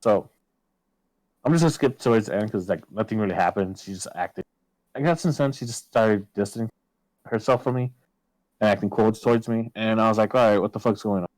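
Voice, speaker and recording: Low-voiced man telling a story, swearing a lot. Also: a little fast, dry recording, poor audio. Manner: swears a lot, quotes himself loudly. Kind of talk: casual storytelling on a podcast.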